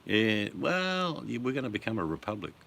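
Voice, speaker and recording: Gravelly-voiced Australian man chatting. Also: on the low side, very animated, normal speed, a bit bright, a little hiss or hum. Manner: joking, chatty, breaks into song. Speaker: livestream host. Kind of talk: casual chat with viewers.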